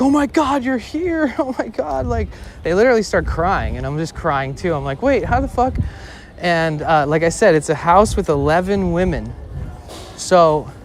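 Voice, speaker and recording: A man's voice: a little high, a little hiss or hum. A man in his twenties telling a personal story in a casual, rambling way, swearing and saying "like" often while streaming outdoors on a city street. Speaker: IRL streamer.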